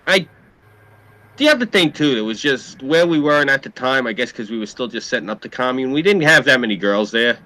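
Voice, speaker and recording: Bright-voiced New York man telling stories. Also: medium pitch, lively intonation, a little fast. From New York City area. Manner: profane, rambling, joking. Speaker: podcast host. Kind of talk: casual storytelling chat.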